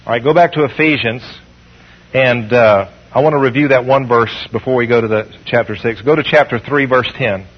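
Husky-voiced preacher on lo-fi radio. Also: male voice, medium pitch. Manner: call-and-response preaching, slows and rises reading scripture. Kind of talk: sermon.

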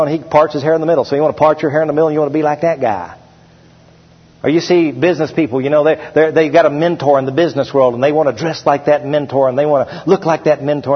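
A middle-aged male pastor preaching to his church, his voice husky and a little high. He slows down and leans hard on each verse he reads. The sound is dull and rings with a long hall echo. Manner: preaching with slowed, emphatic scripture reading. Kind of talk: sermon. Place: church sanctuary.

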